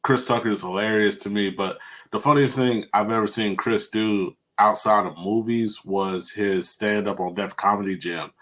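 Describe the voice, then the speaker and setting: A young man hosting a casual podcast, telling animated stories, laughing often and acting out what people said. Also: lowish voice, normal speed. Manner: animated storytelling, laughs often, acts out quotes. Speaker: podcast host. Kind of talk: casual chat.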